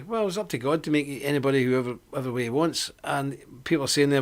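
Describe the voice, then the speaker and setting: A man's voice: a little high, fast. A man hosting a live online report, delivering a combative, preachy monologue and repeating his points for emphasis.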